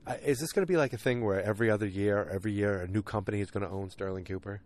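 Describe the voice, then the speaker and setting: A man's voice: fairly low pitch, rapid-fire, a little mellow. A man hosting a podcast, casually recapping an episode in a rambling, self-deprecating way with many fillers. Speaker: podcast host.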